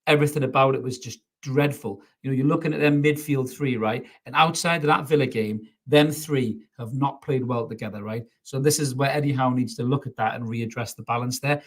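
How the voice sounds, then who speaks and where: A man's voice: medium pitch, a little fast, few pauses. Bloke on a live stream, fed up and swearing, blunt rant about his team. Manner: angry, blunt, swearing, reads out viewer comments. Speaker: football fan channel host. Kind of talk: live match reaction rant.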